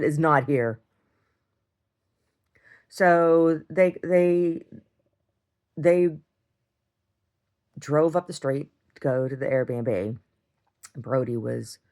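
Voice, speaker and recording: Middle-aged woman, deep voice, casual video-diary storyteller, rambling and blunt. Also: a little mellow. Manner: rambling, repeats words and restarts, swears when heated. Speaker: video diarist.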